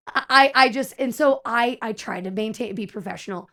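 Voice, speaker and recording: A young adult woman streamer telling a story in casual chat, animated and exasperated, acting out the people she quotes. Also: fairly high pitch, fairly quick.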